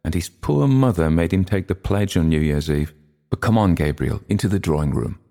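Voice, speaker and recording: A man's voice: deep voice, lively intonation, moderate pace, vocal fry, dark tone. A man voicing an elderly woman, a fussy and anxious hostess at a party. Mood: confiding.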